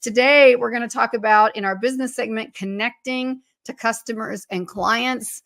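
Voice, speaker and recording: Hoarse, husky woman co-host, cheerful chat, higher voice, dry studio. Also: steady tone, moderate pace, fairly bright tone, no room sound. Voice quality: husky, froggy. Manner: upbeat, laughs often. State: hoarse from losing her voice. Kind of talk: casual podcast chat.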